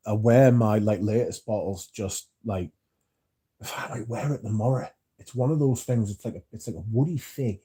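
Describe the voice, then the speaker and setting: Chatty British man with a dark voice. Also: mid-range voice, husky. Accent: British English. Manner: chatty, rambling, lots of "like" fillers. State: drowsy, yawning. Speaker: livestream host reading chat. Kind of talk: casual livestream chat.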